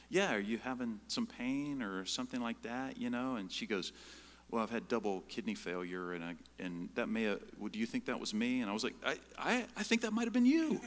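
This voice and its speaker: A middle-aged man preaching with a bright, forceful edge on a somewhat low voice. He tells personal stories with lively, animated delivery, and his words trail off into a long hall reverb. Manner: animated storytelling, jumps high and loud when acting out scenes.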